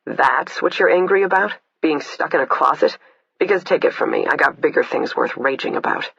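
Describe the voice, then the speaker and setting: A man reading the part of a blunt, swearing woman killer, the narrator's imprisoned older sister, in a husky voice. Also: a little high, expressive, fairly quick, a bit bright, dry recording, heavily acted. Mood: scornful. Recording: dull lo-fi, dry.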